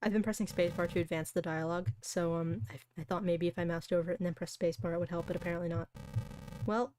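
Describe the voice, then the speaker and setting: A woman's voice: lowish voice, steady tone, quick pace, slight background noise. A woman streamer reading a visual novel aloud, breaking into chatty, giggly asides between the lines. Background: soft background music.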